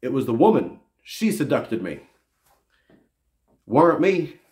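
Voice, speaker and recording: A man's voice: medium pitch, sing-song, a little slow, darkish tone, roomy sound. A man voicing a whiny, blame-shifting first man in a folksy mock Southern drawl, speaking ungrammatically. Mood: whining.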